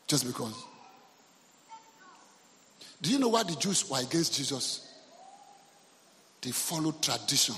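A Nigerian man preaches from the pulpit, telling his story with lively, animated delivery and dropping in Yoruba phrases. His voice sits fairly high for a man. The sound rings out with the long reverb of a church hall. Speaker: pastor. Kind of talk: sermon.

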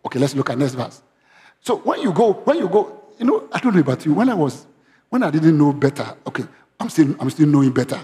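A man's voice: a little high, fairly quick. A male pastor, preaching a sermon in church and often asking the congregation questions. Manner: interactive, asks congregation questions; animated, raising voice when quoting. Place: church hall. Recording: long hall reverb.

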